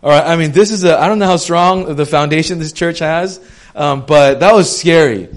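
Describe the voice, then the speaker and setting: A young man preaching a sermon in a conversational way, getting loud and animated when he retells a story, then dropping to a soft hush when he reflects. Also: fairly high pitch, normal speed.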